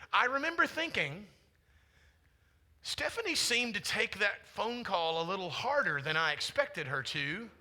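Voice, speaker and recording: A pastor in his forties preaches in an easy, chatty storytelling manner and keeps turning to the congregation with questions. His voice sits high and sounds very bright and forceful. The delivery is conversational, not formal. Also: sing-song, takes it slowly, pauses often. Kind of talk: sermon. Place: church sanctuary.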